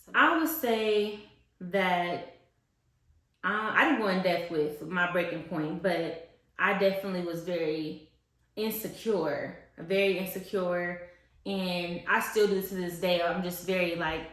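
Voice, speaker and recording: A woman's voice: fairly low pitch, measured pace, a bit bright. Frank young woman co-hosting, roomy sound. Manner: reflective, frank, reading out discussion questions. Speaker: podcast co-host. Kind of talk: casual podcast chat. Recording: echoey room.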